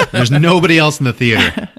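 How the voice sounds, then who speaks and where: A man casually recapping a film for a podcast, swearing often, laughing and acting out quick character bits. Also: fairly high pitch, sharp tone, breathy edge. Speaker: podcast host.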